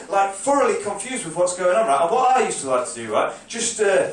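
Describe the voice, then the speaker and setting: Man, stand-up storyteller, higher voice, caught on a phone from far back in a very echoey club. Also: animated, fast talker, few pauses, heavy background noise. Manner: rambling storytelling, acts out drunk clubbers in shouted bursts. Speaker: stand-up comedian. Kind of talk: stand-up comedy set. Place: comedy club stage, live audience. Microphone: phone recording from the audience.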